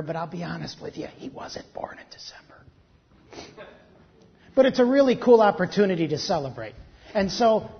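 A pastor preaching, reading a story slowly and then breaking into quick, joking asides. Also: medium pitch. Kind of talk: sermon with a story read aloud. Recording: dull lo-fi recording.

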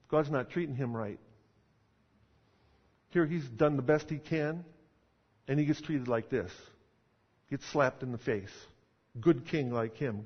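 A man's voice: medium pitch, a little slow, pauses often, breathy edge. A man preaching a sermon in a conversational, emphatic style with rhetorical questions. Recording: dull sound in a reverberant hall.

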